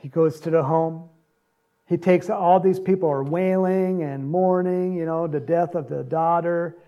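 A man preaching a sermon, retelling a gospel story with animated storytelling and acted-out lines. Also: fairly high pitch, measured pace, dull audio. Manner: animated storytelling, acts out quotes, laughs often.

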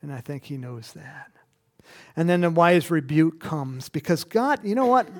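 A man's voice: fairly high pitch, expressive, measured pace, darkish tone. A male preacher delivering a sermon and reading scripture, talking animatedly with frequent chuckles and rhetorical questions.

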